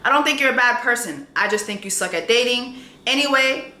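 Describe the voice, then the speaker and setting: Sassy, bright-voiced woman telling a dating story. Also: on the high side, animated, a little fast, echoey room. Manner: blunt, sassy, quotes texts aloud. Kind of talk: storytime vlog.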